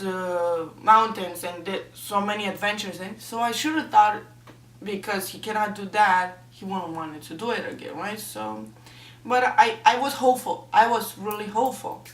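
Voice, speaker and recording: Woman, casual vlogger, emotional and rambling, recorded in a roomy space from a distance. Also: medium pitch. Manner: chatty and emotional, with many fillers. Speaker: book reviewer. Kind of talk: casual vlog book review. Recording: echoey room, mic at a distance.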